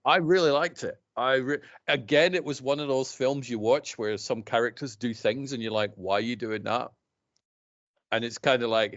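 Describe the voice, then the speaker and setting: A man's voice: mid-range voice, normal speed, fairly bright tone, dull audio. A man in his fifties from Scotland with an accent mixed between Scottish and English, chatting casually as a podcast co-host and laughing often. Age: 50s. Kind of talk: casual chat.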